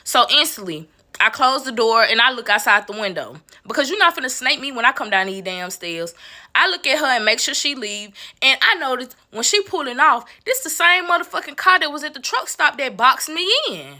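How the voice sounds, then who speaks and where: Bright-voiced woman telling a storytime. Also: high voice, a little fast, no echo, clean studio sound. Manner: animated, profane, addresses viewers as y'all. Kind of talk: casual storytime monologue.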